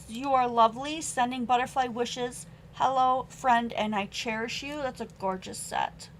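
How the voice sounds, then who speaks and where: A woman's voice: a little high, unhurried, a little hiss or hum, rough recording. A young adult woman hosting a live-streamed craft supply sale at home, chatting as she reads out stamp sentiments and prices. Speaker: online craft sale host. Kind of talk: live-stream sales chat.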